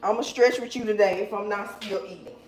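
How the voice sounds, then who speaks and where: A woman's voice: mid-range voice, fairly even intonation, a little fast, a little mellow. A woman in her forties hosting a casual live chat, who laughs often and answers viewers by name. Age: 40s.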